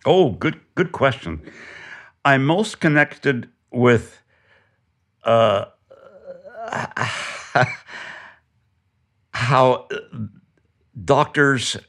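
Guy telling a funny story, laughing a lot, really lively up and down voice, bright sound. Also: mid-range voice, extremely slow, long pauses. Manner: laughing, animated anecdote. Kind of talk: casual chat.

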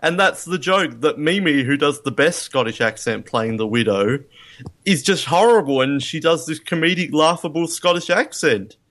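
A man's voice: on the high side, normal speed, a bit bright. A man in a casual film review chat, rambling and hesitant with many ums. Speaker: podcast co-host.

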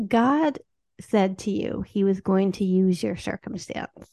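A woman's voice: mid-range voice, slow pace, vocal fry, mellow, dry recording. A woman hosting a faith podcast, asking her guest questions in an encouraging way. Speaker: podcast host.

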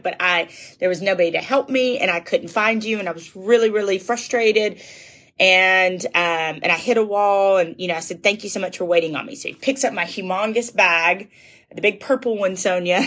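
A woman's voice: medium pitch, fairly bright tone. A woman who works as a public speaker, telling a rambling personal story in a chatty way and calling her listeners y'all. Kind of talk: casual storytelling.

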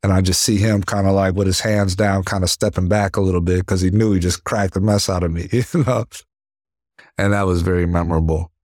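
A young man with a very low, deep voice tells his boxing stories in casual interview talk. He acts out blows with sound words and keeps checking in with "you know what I mean." The sound is dry and close. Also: no room sound. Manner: animated storyteller, acts out punches with sound words. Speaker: professional boxer, interview guest.

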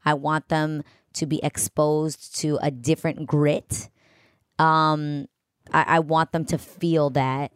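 A young woman with a New York accent, chatting casually as a podcast guest in an animated, rambling way full of restarts. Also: deep voice, slow, smooth, no echo, clean studio sound. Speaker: guest co-host.

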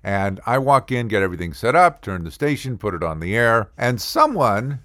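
An older man telling a funny personal story in a casual, animated way, acting out the yelling and the other people's lines. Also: on the low side, normal speed, no echo, clean studio sound.

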